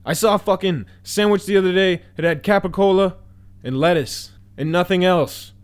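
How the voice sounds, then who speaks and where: Crude rambling stand-up comic. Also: male voice, high-pitched, normal speed, clear, resonant tone. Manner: crude, rambling, with many fillers. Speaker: stand-up comedian. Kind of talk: stand-up comedy. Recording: loud noise and clicks.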